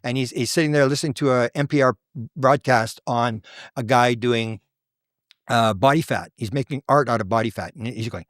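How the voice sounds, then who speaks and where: An older man from Canada, a guest researcher, telling stories in conversation and acting out the people he quotes with sudden jumps in pitch. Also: moderate pace, dry recording, clean studio sound. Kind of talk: animated storytelling in conversation.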